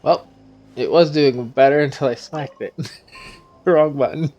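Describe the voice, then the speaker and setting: A man's voice: mid-range voice, animated, normal speed, a little mellow, dull audio. Playful man reading game lines aloud. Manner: playful, reads every character's lines himself and laughs often. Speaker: gaming channel host. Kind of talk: reading game dialogue aloud while playing.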